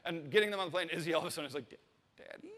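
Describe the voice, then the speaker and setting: A man in his thirties tells a comic personal story on stage to a live audience, swearing and acting out the voices of the people involved. His fairly high, fairly bright voice races along, and the sound suggests a large hall.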